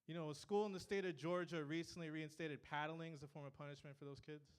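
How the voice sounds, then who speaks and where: A man delivers a short stand-up set of dry, self-deprecating jokes. His voice is smooth and clear. It sits slightly high. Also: steady tone, fast talker. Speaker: stand-up comedian.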